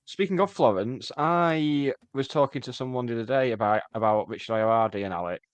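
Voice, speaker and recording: Casting note: male co-host, mid pitch, dry teasing humour, close dead-sounding mic. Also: moderate pace, clean tone, no room sound. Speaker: podcast co-host. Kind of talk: casual music podcast chat.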